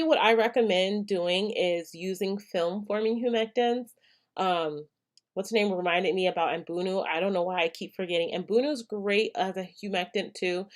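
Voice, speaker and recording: A young adult woman from El Paso, Texas, hosting a hair care live stream, reading viewer comments and answering in a chatty way, with many ums. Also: medium pitch. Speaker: hair care channel host.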